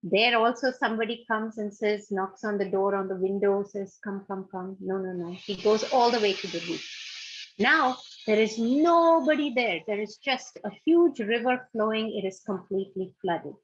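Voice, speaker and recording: A woman giving a spiritual talk. She tells a story in an animated way and speaks directly to her listeners. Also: medium pitch, moderate pace. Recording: dull lo-fi sound.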